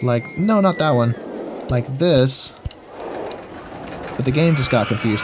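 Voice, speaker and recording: A man's voice: medium pitch, animated, slow, pauses often, background noise. A man giving goofy, jokey gameplay commentary while talking to himself as he plays. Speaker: gaming video host.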